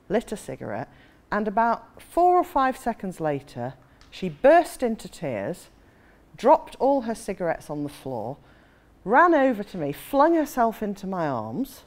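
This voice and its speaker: A woman's voice: mid-range voice, big pitch swings, normal speed. A woman in her forties, an author, telling a self-mocking anecdote with frequent laughter. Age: 40s. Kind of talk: anecdotal storytelling.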